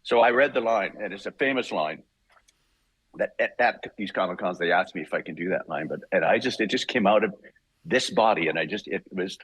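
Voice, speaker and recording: An older man from Canada, a voice actor guest, telling animated anecdotes in a casual interview, acting out voices and laughing often. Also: sits low, fairly quick, husky, dry recording.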